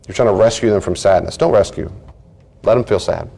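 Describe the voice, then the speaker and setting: A man's voice: fairly low pitch, brisk, gravelly, dark tone. A middle-aged man, a counselor teaching a study group, talking earnestly and acting out everyday conversations.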